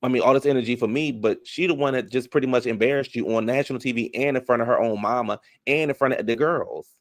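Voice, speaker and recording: Recapping a reality show with casual sass, a medium-pitched man retorts to what happened on screen, stretching certain words and hurrying through others. The recording is dry with clean studio sound.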